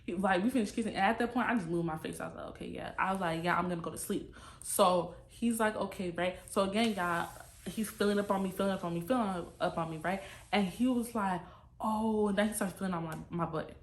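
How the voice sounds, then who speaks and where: A woman's voice: mid-range voice, quick pace. Slangy storytelling woman, echoey room. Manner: animated, slangy, addresses viewers as y'all. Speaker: storytime vlogger. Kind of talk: casual storytime to camera.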